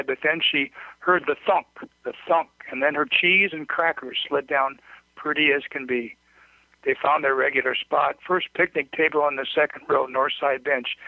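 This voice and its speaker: A man narrating a short story aloud in a measured, plain reading voice with occasional slips. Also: fairly high pitch, dry recording. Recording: dry, tinny phone-like recording.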